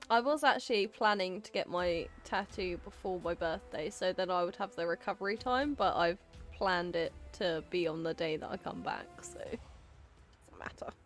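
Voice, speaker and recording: A woman's voice: lowish voice, normal speed, soft background music. A woman chatting casually to her viewers on a live game stream, giggling now and then and talking straight to chat.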